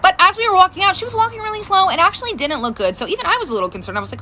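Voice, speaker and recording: A woman's voice: very high-pitched, sing-song, very fast, sharp tone, a little hiss or hum. A mother telling a casual storytime about her daughter, amused and laughing through it.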